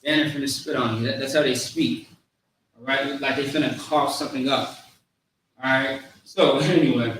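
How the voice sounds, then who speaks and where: A man teaching a language class, slowly repeating each word and its meaning, in an informal way with many fillers. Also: medium pitch, fairly even intonation, fairly bright tone, slight background noise. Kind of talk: classroom lesson. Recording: very echoey room, distant mic, faint ambience.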